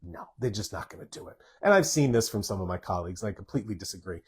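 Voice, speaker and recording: Husky-voiced man answering live questions. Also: fairly low pitch, expressive, very fast, a little mellow. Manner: emphatic, repeats words for stress. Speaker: doctor hosting a live Q&A.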